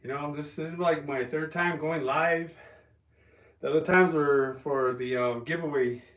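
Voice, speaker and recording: A man chatting casually on a livestream, rambling and halting with ums and restarts while resting an injured calf. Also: a little high, fairly even intonation, a bit bright. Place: home, lifting weights while streaming. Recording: roomy, from a distance.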